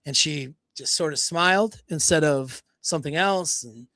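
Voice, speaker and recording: A blunt dating coach talking straight to his viewers on a livestream, loose and casual, with some swearing. His voice sits a little high for a man. The sound is dry and close, with no room echo. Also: normal speed, pushed and bright. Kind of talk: livestream talk, telling a story.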